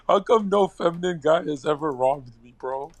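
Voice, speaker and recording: A man's voice: on the high side, animated, unhurried, no echo. Guy caller trolling and laughing, crude jokes, dry close sound. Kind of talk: casual call-in chat.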